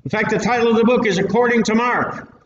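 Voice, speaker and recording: In a church hall before a live audience, a preacher with a high voice delivers a casual Bible-teaching sermon, folksy, plain-spoken and emphatic, at a quick pace with fairly even intonation. Captured by a distant mic in an echoey room, the audio is dull and slightly noisy.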